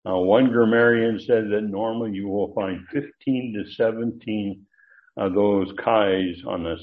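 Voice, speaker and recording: Slow, low-voiced male Bible teacher. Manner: deliberate, with frequent uh fillers and emphatic rises. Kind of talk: verse-by-verse Greek Bible lesson. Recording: dull lo-fi recording.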